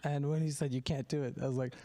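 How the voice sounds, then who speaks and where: A man's voice: medium pitch, little pitch movement, fast, dark tone, dry recording. A man, a comedian guest on a podcast, telling stories in a rambling, self-deprecating way with frequent restarts. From Turkey. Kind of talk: casual podcast chat.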